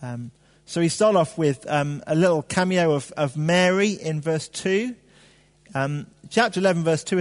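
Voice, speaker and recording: A man's voice: high-pitched, moderate pace. Male preacher, chatty sermon delivery, rhetorical questions, reverberant church hall. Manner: animated, conversational preaching with fillers and rhetorical questions.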